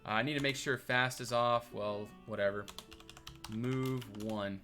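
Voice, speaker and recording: This streamer has a medium-pitched, steady voice and talks a little slowly over music. He wanders from thought to thought while building, reading chat and replying to viewers casually.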